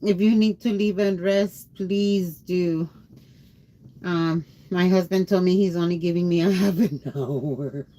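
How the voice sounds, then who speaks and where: Tired woman livestreamer, low voice, slow rambling chat with viewers. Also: mellow. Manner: rambling, greets chatters by name. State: tired after a long day.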